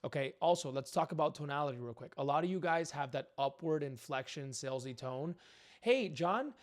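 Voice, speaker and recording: A man's voice: medium pitch, fairly quick. A man coaching real estate agents, talking directly and acting out sample phone calls. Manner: direct and emphatic, acts out phone scripts. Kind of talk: coaching monologue with role-played cold calls.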